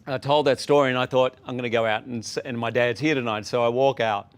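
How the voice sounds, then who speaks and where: A man's voice: mid-range voice, smooth. A middle-aged man from Australia, telling stories as a guest in a casual TV interview. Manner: animated anecdotal storytelling with quick asides.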